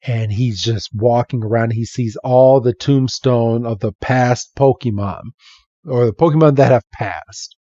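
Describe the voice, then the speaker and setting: Slow, chatty male podcast host. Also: medium pitch, no room sound. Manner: animated, acts out the characters. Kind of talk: casual retelling of a comic. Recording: slightly dull, dry recording.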